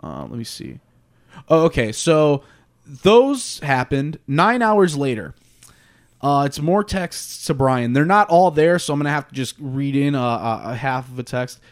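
A man's voice: medium pitch, sing-song, a little slow. A man hosting a podcast in casual chat, reading out social media posts with laughs and swearing. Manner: laughing, swearing, loose and rambling. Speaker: podcast host.

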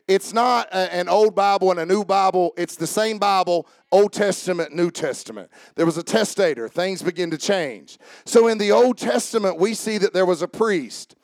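Man, pastor, sermon, fervent preaching that rises to shouts, gravelly, dry close sound. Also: sits high, normal speed, few pauses, no echo. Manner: drops into mock-calm voices for jokes.

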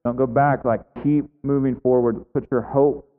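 A man's voice: mid-range voice, fairly even intonation, moderate pace. A man preaching a conversational sermon as a pastor, full of casual fillers. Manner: conversational, many "like" and "right" fillers. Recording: echoey hall, tinny phone-like sound.

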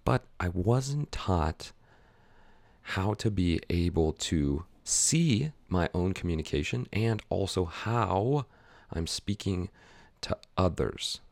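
A man hosting a podcast, explaining an idea in an energetic, conversational way and acting out short dialogues as examples. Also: deep voice, slow pace, vocal fry, dry recording. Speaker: podcast host. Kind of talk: casual teaching monologue.

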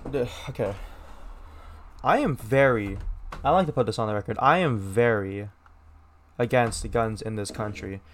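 A man's voice: lowish voice, normal speed, long pauses, slight background noise. A young American man hosts a casual solo podcast, reading a news piece and then commenting on it. He talks bluntly and swears freely. He often stops mid-word to restart his sentences. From United States. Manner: blunt and profane, with many restarts and mocking voices. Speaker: podcast host.

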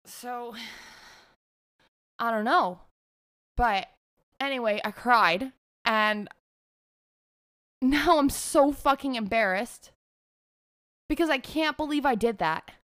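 A woman's voice: on the high side, slow, pauses often, fairly bright tone, dry recording, clean studio sound. Frank, foul-mouthed young woman. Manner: frank and profane, laughing often. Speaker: vlogger. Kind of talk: candid confessional storytelling.

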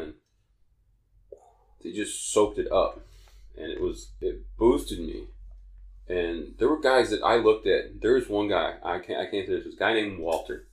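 The voice is deep and the sound roomy as this man, a podcast co-host, works through a long personal story in casual conversation. His telling wanders, with frequent self-corrections and restarted sentences.

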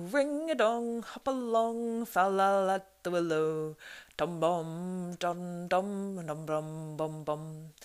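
A woman voicing a jolly male forest figure in a storybook, singing nonsense rhymes. The sing-song is carefree and glad, slow and bouncing. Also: lowish voice, darkish tone, clear, resonant tone.

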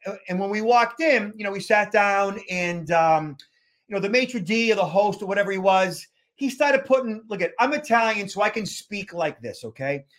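A man's voice: sits high, lively intonation, moderate pace, a bit bright. A man co-hosting a podcast, telling a story in a rambling, casual way and often repeating words as he goes. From Boston area. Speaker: podcast co-host.

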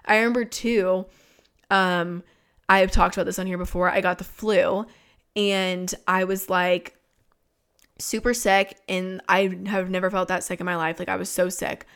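A woman's voice: on the low side, level tone, moderate pace, fairly bright tone, clean tone. A young woman in her twenties, a podcast host telling a personal story in a frank, casual way, swearing often and filling her talk with "like". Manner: frank and swearing, many "like" fillers.

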